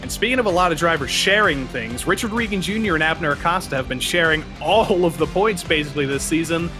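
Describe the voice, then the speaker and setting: A man doing live play-by-play commentary for an online racing league, joking and brisk. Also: fairly high pitch, lively intonation, music in the background.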